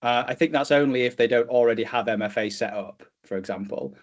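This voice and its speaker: A man's voice: medium pitch, brisk, lo-fi sound. A man co-hosting a tech podcast, explaining things in a casual way with lots of fillers and restarts. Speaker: podcast co-host.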